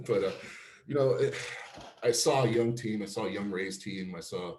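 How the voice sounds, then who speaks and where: A former pro pitcher from Cleveland telling career stories in a casual interview, laughing often and acting out quotes. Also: male voice, moderate pace, roomy sound, slight background noise. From Cleveland, Ohio. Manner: animated storyteller, laughs often, acts out quotes.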